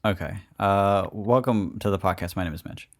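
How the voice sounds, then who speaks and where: A man's voice: sits low, moderate pace. A man co-hosting an advice podcast, chatting casually with rambling, joking banter and frequent restarts. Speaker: podcast co-host. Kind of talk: casual chat.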